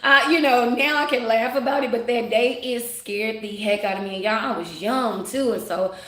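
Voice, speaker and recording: A woman vlogger casually telling a personal story to her viewers, candid and animated, laughing often and calling them y'all. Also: a little high, normal speed, roomy sound. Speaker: spiritual vlogger.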